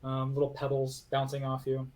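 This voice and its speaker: A man narrating a tabletop game as game master, halting and full of fillers. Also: mid-range voice, monotone, darkish tone.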